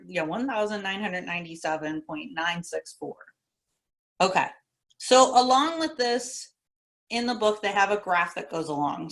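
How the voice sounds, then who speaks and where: Lower-pitched woman teaching step by step. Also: fairly bright tone. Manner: methodical, repeats key steps, casual instructor tone. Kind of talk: recorded classroom lecture walkthrough.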